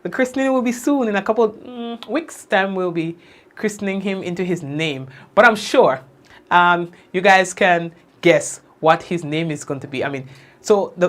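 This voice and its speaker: A young man hosting a casual livestream, giving warm shout-outs to commenters by name and drawn-out blessings. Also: sits high. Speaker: livestream news host. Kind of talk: casual livestream chat greeting viewers.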